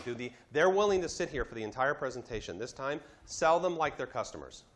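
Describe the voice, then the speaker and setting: A man teaching a class, telling a business story in a lively lecture style, acting out the voices he quotes. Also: medium pitch, a little fast, hardly any pauses, a little hiss or hum. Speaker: instructor.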